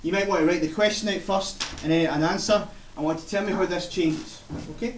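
A man with a high-pitched voice teaches a science lesson, walking the class through each step and checking that they follow. He is recorded from across an echoey classroom, with a faint hiss under his voice. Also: fairly even intonation, brisk, distant mic. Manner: explains step by step, checks in with "okay?". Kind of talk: classroom instruction. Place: school classroom.

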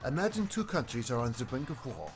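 A man's voice: medium pitch, fast, over music. A man reading a visual novel aloud, doing voices for the characters with casual asides. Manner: lively, asides and self-corrections between lines. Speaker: game streamer reading and voicing a visual novel.

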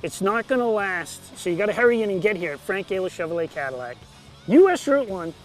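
A man's voice: high-pitched, sing-song, fairly quick, faint music behind. A man co-hosting a local TV car-sales show, upbeat, listing features and urging viewers to hurry in. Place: car dealership lot.

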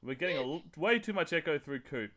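A man's voice: a little high, animated, fast, a crowd in the background. A man hosting a casual podcast over a call, joking and steering the talk along. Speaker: podcast host running the show. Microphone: remote call microphone.

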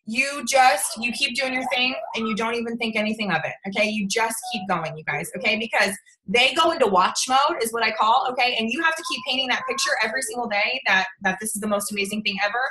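A woman's voice: a little high, fast talker, pushed and bright, low-quality recording. Bubbly woman coaching a sales team. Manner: bubbly, chatty, keeps checking in with "okay?". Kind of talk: casual coaching livestream.

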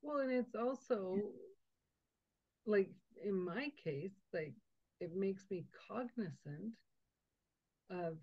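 A woman hosting a podcast, chatty and animated, laughing often as she tells stories. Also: mid-range voice, slow pace, long pauses, slightly rough, dry recording, highs cut off. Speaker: podcast host. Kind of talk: casual interview chat.

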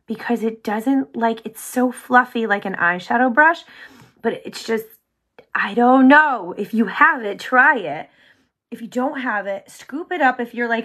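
Woman, makeup tutorial host, bubbly, chatty, filler-heavy, soft whispered asides. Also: a little high, unhurried. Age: adult with sons. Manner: often drops to a soft whisper. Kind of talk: casual makeup tutorial chat.

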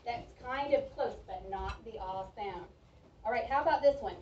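A woman teaching a reading lesson to a young class, speaking slowly and clearly and praising the children's answers. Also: fairly high pitch, darkish tone, a little hiss or hum. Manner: slow, clear, encouraging teacher talk with drawn-out words. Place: school classroom. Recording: echoey, distant, dull classroom recording.

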